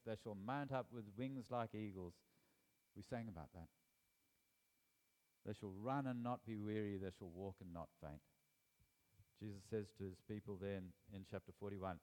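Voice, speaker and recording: Low-voiced male preacher in a reverberant church. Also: normal speed, long pauses, a little mellow. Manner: reads scripture aloud, then talks with the congregation. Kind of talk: sermon. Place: church hall. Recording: hall reverb.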